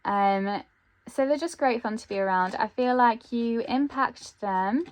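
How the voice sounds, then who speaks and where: A woman giving an intuitive tarot reading, thinking aloud with frequent pauses and ums. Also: fairly high pitch. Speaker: tarot reader.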